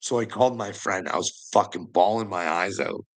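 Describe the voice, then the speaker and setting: A man from Canada talking in a casual, rambling monologue, swearing often and trailing off quietly at the ends of phrases. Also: deep voice, moderate pace, low-quality recording. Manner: rambling, heavy swearing, frequent "you know what I mean". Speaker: vlogger.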